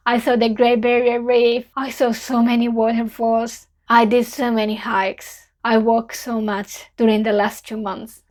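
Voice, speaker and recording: Earnest young Italian woman, bright voice. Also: a little high. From Italy. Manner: earnest, heartfelt, simple non-native phrasing. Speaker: vlogger. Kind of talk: reflective farewell vlog.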